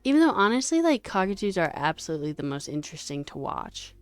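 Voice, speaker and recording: A woman streamer chatting casually with her viewers while coding, animated and chatty, with lots of fillers and some swearing. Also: lowish voice, quick pace, clean tone, dry recording. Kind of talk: casual livestream chat with viewers.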